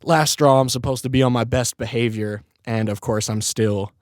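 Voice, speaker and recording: A young man on a podcast tells a story in an easygoing, slangy way, breaking into laughter again and again. His voice sits in an ordinary middle pitch. It is recorded dry and close, with no room sound. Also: steady tone, normal speed, dry recording. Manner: laid-back, laughs often, heavy swearing and slang. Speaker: podcast host. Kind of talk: casual storytelling.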